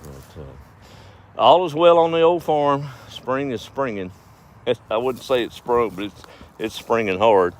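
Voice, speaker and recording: A man's voice: medium pitch, expressive, unhurried. A man telling folksy farm stories on a casual livestream, chuckling as he rambles. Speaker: farm vlogger.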